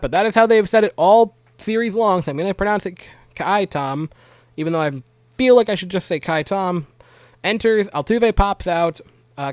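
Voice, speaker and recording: A man's voice: a little high, no echo. A young man giving a casual, chatty baseball game recap with joking asides and frequent fillers.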